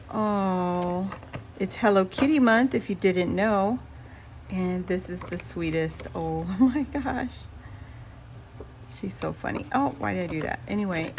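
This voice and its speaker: Gushing high-voiced woman unboxing crafts. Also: a little hiss or hum. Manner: gushing, squealing, laughing often. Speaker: crafting YouTuber opening happy mail. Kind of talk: casual vlog unboxing.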